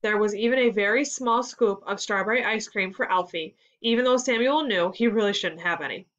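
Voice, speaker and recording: A woman teacher reading a children's story aloud for a lesson in a clear, measured storytelling voice. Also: mid-range voice, a bit bright. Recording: slightly dull lo-fi sound.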